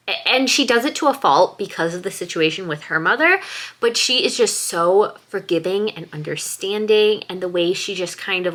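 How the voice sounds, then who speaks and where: A young woman in a casual home vlog, gushing excitedly about a book she loves, full of "like" and "oh my God.". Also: on the low side. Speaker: book vlogger. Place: at home, bathroom after shower.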